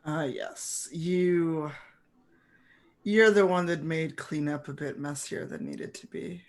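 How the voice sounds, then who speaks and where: A woman's voice: low-pitched, takes it slowly. A woman playing a sly, teasing elf rogue. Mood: amused. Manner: sly and amused.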